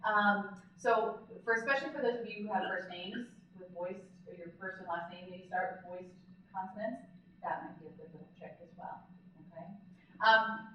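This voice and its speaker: A woman's voice: medium pitch, bright, forceful tone, a little hiss or hum. A woman speech-language pathologist giving a conversational live workshop talk, often checking in with the audience with "okay?". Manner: demonstrates voice techniques as she explains them. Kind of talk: live conference lecture. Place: large conference hall. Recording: very echoey hall, distant, dull lo-fi sound.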